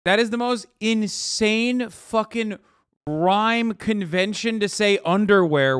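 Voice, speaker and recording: A man in his thirties reacting on a livestream, incredulous and profane, with loud outbursts. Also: high-pitched, takes it slowly, clear, resonant tone, no echo, clean studio sound. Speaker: streamer reacting to clips.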